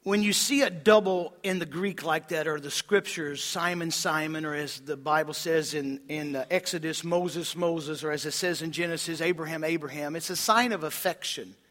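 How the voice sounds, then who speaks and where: Male pastor, fairly high bright voice, fervent sermon delivery that drops to hushed tones. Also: moderate pace, hardly any pauses, long reverb tail. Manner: impassioned preaching, swings from loud emphasis to hushed low tones.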